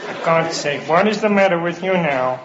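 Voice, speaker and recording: A man doing an impression of a professor speaking through a flat, mechanical voice synthesizer. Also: a little high, moderate pace, close to an everyday voice. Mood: monotone. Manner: flat mechanical delivery mimicking a speech synthesizer. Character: robotic synthesized-voice male scientist, flat and monotone. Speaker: stand-up comedian. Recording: lo-fi live recording with loud crowd noise.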